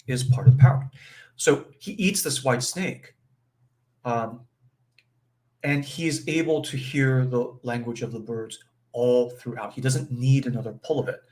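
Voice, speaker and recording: A man leading an informal spiritual teaching session, talking conversationally with frequent fillers and "right?" check-ins. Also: medium pitch. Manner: acts out brief quoted voices with chuckles.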